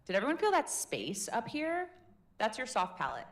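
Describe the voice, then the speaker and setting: A woman's voice: on the high side, wildly swooping pitch, normal speed. A woman leading a live public speaking workshop in a chatty, demonstrative, encouraging way. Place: meetup room in a tech hub.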